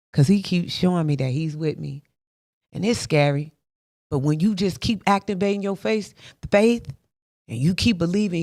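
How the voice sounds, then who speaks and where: A woman's voice: sits low, a little mellow, dry recording, studio quality. A woman giving a motivational faith talk, emphatic and repetitive like a preacher, with rhetorical questions and frequent laughs. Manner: laughs often between points.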